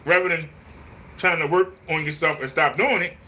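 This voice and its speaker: A man's voice: on the high side, fairly even intonation, moderate pace, pushed and bright. A man, talking casually on a live stream in a preachy, repetitive, scolding way. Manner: mimics voices in quotes. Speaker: vlogger.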